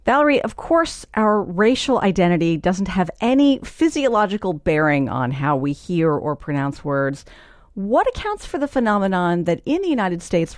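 A woman's voice: fairly low pitch, dry recording, clean studio sound. A woman hosting a radio talk show, asking curious, conversational questions. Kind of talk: interview hosting.

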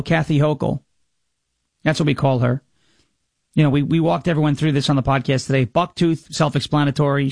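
A sarcastic male commentator holds forth in a loose, mocking monologue. His voice sits high for a man and carries a gravelly edge. The sound is dry and close, with no room around it. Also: no echo. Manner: mocking, sarcastic, mimics opponents in whiny voices. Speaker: radio and podcast host. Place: Tennessee.

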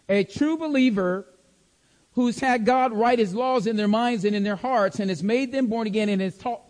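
High-voiced man teaching a Bible study. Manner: checks in often with "okay?" and repeats key words for emphasis. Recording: long hall reverb.

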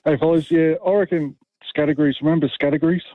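A man's voice: a little high, steady tone, fast talker, dry recording. A man with an Australian accent calling in to a radio show, explaining plainly. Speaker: radio caller. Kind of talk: phone-in call. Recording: tinny phone line.

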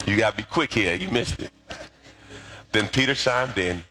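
A man's voice: lowish voice, moderate pace, husky. A middle-aged male pastor preaching a sermon, telling stories and calling for responses from the congregation. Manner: animated storyteller with call-and-response.

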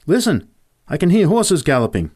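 A man voicing an excitable young country boy, speaking urgently. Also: fairly low pitch, moderate pace, vocal fry. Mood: alarmed. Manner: urgent, exclaiming.

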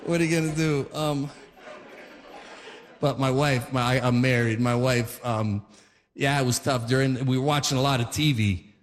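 A man's voice: mid-range voice, steady tone, normal speed, long pauses, long reverb tail. A man in his forties doing stand-up, telling stories in a rambling, stop-start way. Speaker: stand-up comedian. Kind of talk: stand-up comedy.

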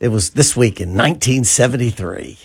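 A man of about sixty hosting a radio talk show, chatting in a jokey, animated way. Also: medium pitch, a little fast, husky. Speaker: radio host. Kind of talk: casual radio banter.

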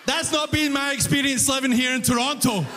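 A young man performing a stand-up comedy set, telling an animated story and loudly acting out his own frustration. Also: extremely high pitch, fairly quick, big-room sound, background noise. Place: comedy club stage before a live audience.

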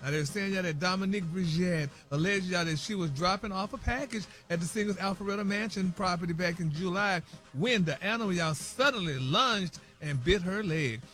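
A man's voice: high-pitched, a little fast, few pauses, pushed and bright. A man reading celebrity news on a morning radio show in a dramatic way, peppering every sentence with "y'all" and "honey.". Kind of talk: morning radio gossip report. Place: radio studio.

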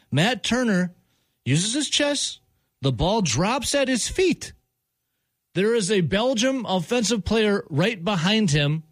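Man, high voice, dry close sound, exasperated sports rant, repeats himself for emphasis. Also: very animated, normal speed, no echo. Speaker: sports radio host. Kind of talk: heated sports talk rant.

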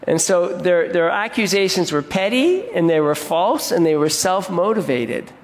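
Male pastor, slightly high voice, earnest sermon delivery with restarts, long hall reverb. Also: lively intonation, moderate pace. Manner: earnest, repeats and restarts words, asks the congregation questions.

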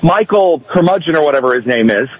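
A man co-hosting political talk radio, sarcastic and quick to mock others. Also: fairly high pitch, lively intonation, slightly rough, no echo, lo-fi sound. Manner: sarcastic, mocking impressions of others. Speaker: radio show co-host.

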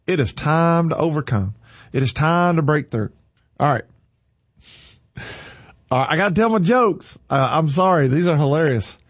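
A man's voice: fairly high pitch, expressive, moderate pace, pauses often, muffled recording. A man hosting a Christian radio morning show, upbeat and preachy, reading the weather and laughing at his own jokes.

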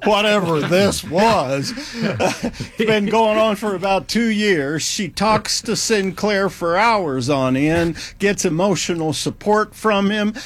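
A man's voice: high-pitched, slow. A man hosting a talk show, wry and teasing, often chuckling between remarks. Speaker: host.

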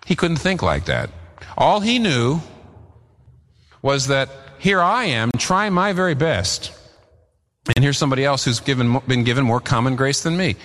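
A man's voice: big pitch swings, moderate pace, pauses often, fairly bright tone. A male pastor delivers a sermon in an earnest, emphatic way. His voice sits in a middle register and swings up and down as he drives points home. A long reverb from the church hall trails after each phrase. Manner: earnest, emphatic preaching with rising and falling pitch.

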